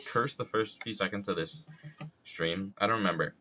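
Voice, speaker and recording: A man's voice: lowish voice, moderate pace, bright, forceful tone, slight background noise. A young adult man streaming casually while wood carving, joking, rambling and swearing freely at his own expense.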